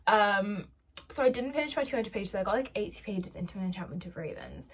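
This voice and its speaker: A woman's voice: medium pitch, a little fast, fairly bright tone, husky. A young woman chatting casually as a book vlogger, dramatic and self-mocking. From United Kingdom. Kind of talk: casual chat.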